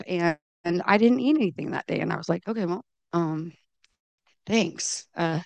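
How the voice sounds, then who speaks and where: A middle-aged woman giving candid personal testimony at a recovery meeting, halting and restarting as she quotes her own self-talk. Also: lowish voice, vocal fry, no echo. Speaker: recovery program member sharing her story.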